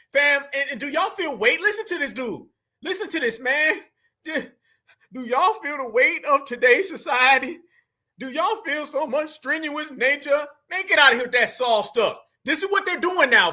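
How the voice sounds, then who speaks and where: A man's voice: very high voice, sharp tone. A man hosting a reaction commentary, talking emphatically and preachily to his audience. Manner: emphatic and preachy, keeps calling the audience fam. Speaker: commentary host.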